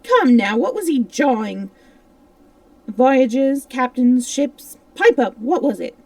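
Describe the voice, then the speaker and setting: A woman reading aloud and voicing a gruff one-legged male pirate cook who talks in loud, excitable bursts. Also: high voice, slow, no room sound, distant mic, exaggerated voice. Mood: badgering.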